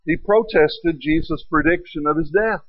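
Brief: male pastor, fairly high voice, storytelling sermon with rhetorical questions, dry dull recording. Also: normal speed, no echo. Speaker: preacher.

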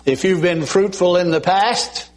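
Slow, deliberate older male preacher. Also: high voice, rough recording. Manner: slow, deliberate preaching with frequent throat clearing. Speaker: pastor. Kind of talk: sermon.

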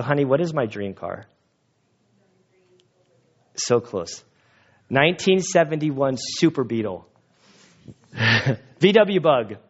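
A man preaching a sermon as pastor, telling stories in an animated way with frequent laughs, then praying. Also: on the high side, dull audio. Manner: animated storytelling, laughs often. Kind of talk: sermon with closing prayer.

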